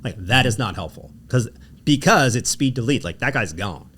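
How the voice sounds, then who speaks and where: A man's voice: medium pitch, moderate pace, slight background noise. A man with a Gulf South accent hosting a casual interview, telling stories and acting out quotes. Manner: animated storyteller, acts out quotes. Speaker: podcast host, lawyer.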